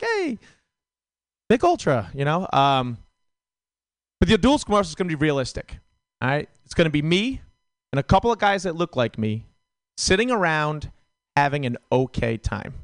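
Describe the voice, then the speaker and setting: A man's voice: medium pitch, a bit bright, clean tone, dry recording. Male club comic, rambling and filler-heavy, clean dry stage mic. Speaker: stand-up comedian. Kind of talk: stand-up set.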